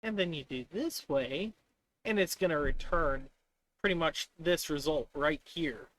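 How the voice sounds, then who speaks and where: Slow-talking, bright-voiced exasperated man streamer. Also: a little high. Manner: exasperated, rambling, mocks the software in quoted voices. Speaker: live streamer. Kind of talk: casual live-stream commentary while coding.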